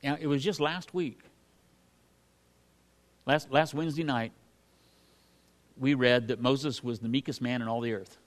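A man's voice: mid-range voice, fairly even intonation, measured pace, long pauses. A man teaching from the Bible in a folksy, conversational sermon, reading scripture and then commenting on it with frequent fillers and restarts. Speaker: pastor.

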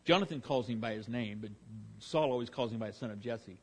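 A man's voice: mid-range voice, a little fast, breathy edge. A man preaching verse by verse through a Bible passage, talking conversationally with frequent restarts and fillers.

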